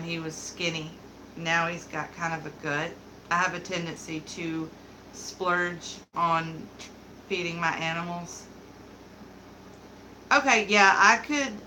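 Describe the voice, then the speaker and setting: A giggly woman hosts a laid-back livestream from home, answering her chat at an unhurried pace. Her voice is bright and forward, picked up on a simple computer mic. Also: lowish voice, a little hiss or hum, rough recording. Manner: giggly and chatty, talks to her dog. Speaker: livestream beauty host. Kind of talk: casual livestream chat, reading viewer comments.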